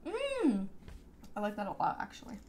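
A woman's voice: medium pitch, huge pitch swings, normal speed, a little mellow, slight background noise. A young woman from Canada co-hosting a snack tasting video, joking in easygoing casual chat. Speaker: co-host of a snack tasting channel.

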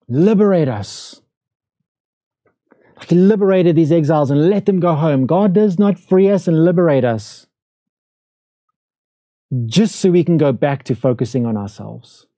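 A man's voice: fairly high pitch, lively intonation, moderate pace, warm tone, dry recording. A male pastor preaching a sermon in a conversational way, asking his listeners rhetorical questions. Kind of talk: livestreamed sermon. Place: church room, during lockdown.

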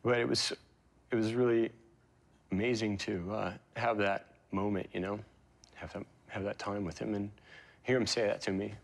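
Low-voiced man, halting and emotional. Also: fairly even intonation, vocal fry. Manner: emotional, halting, many fillers and restarts. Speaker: interview guest, pro surfer. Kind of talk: reflective interview storytelling.

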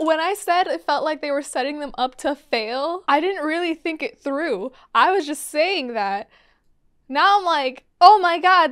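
A woman reacting aloud to an episode, her voice high and swooping with wide, animated pitch. She talks at an unhurried pace, full of gasps, laughs and exclamations as she gets invested. Faint music plays behind her. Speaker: anime reaction host. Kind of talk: live reaction commentary.

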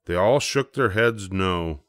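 An older man reads a children's picture book aloud in a slow, gentle, measured way. His voice sits very low. The sound is dry and close. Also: expressive, no room sound. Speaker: storybook reader. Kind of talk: bedtime story read-aloud.

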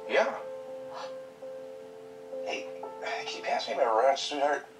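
An actor playing a struggling father who reassures his daughter warmly and jokes with her, in a web drama over background music. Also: on the high side, sing-song, slow pace, exaggerated voice, poor audio. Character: caring, broke young father, gentle and jokey. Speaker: struggling single dad.

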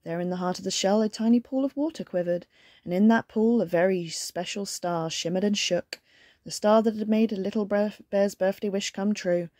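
A woman's voice: medium pitch, normal speed, warm tone, dry recording, clean studio sound. Sex: woman. Style: cheerful bedtime story reading.

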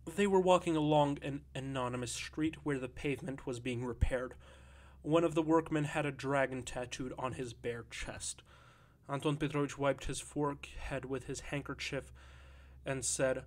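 A man's voice: medium pitch, fairly even intonation, normal speed. Man reading a literary audiobook. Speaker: audiobook narrator. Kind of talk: scripted literary narration.

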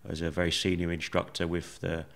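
A man, a podcast guest, telling his story in a measured, reflective way with many fillers. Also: low-pitched, monotone, creaky. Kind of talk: conversational storytelling.

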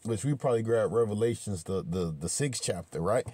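A man giving informal, emphatic scripture commentary, talking with many repetitions and restarts, swearing freely and slowing down to read verses aloud. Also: fairly low pitch, dark tone, husky, dry recording. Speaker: religious commentator.

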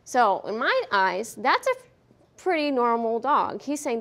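A woman giving a veterinary behavior lecture at a conference, lively and questioning the audience, acting out what the dogs feel. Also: a little high, normal speed. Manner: lively, asks the audience questions, acts out dogs' thoughts. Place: conference hall.

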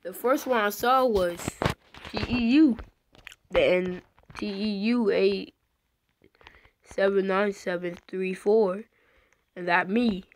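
A woman playing an online game, slightly hoarse from being sick, excitedly calling out what happens on screen. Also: mid-range voice, slow pace, pauses often, a little hiss or hum, low-quality recording. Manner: excitable, shouting out reactions to the game. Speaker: gamer.

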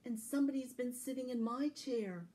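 A woman voicing a calm, medium-sized mother bear in a read-aloud fairy tale, in a gentle storytelling voice. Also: a little high, moderate pace, natural voice. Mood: puzzled.

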